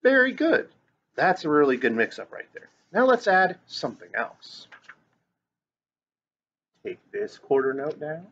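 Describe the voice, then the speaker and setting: Very animated yet unhurried, a male music teacher with a fairly high, fairly bright voice leads grade school kids through reading rhythms, chanting note syllables and cheering them, with long pauses in between. The online lesson was filmed on camera in a classroom or home, and the lo-fi recording is dull with slight background noise.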